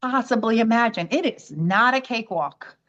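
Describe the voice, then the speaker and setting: A woman's voice: a little high, moderate pace, dull audio. A woman from the United States, a podcast guest telling a personal story and acting out the voices of other people. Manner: animated storytelling, acts out quoted voices.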